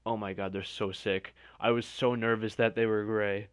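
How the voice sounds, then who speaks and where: A man's voice: fairly low pitch, level tone, moderate pace, clear, resonant tone, no room sound, clean studio sound. A young man doing live stream commentary, chatting directly to his viewers.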